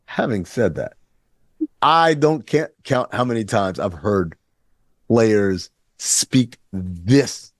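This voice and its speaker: A man co-hosting a casual sports talk show, animated and sarcastic, often acting out quotes in mock voices. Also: on the low side, slow pace, dry recording, clean studio sound. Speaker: podcast co-host.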